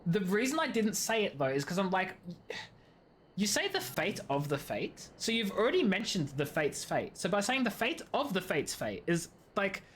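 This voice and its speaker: A woman streaming a game, chatting in an animated, rambling way with lots of tangents and giggling. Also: mid-range voice, normal speed, slight background noise. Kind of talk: gaming stream commentary.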